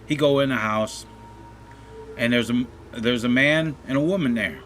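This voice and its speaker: A man hosting a gaming channel, telling a joke in a relaxed, folksy way over gameplay. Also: medium pitch, normal speed, soft background music. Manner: folksy, relaxed storytelling with restarts.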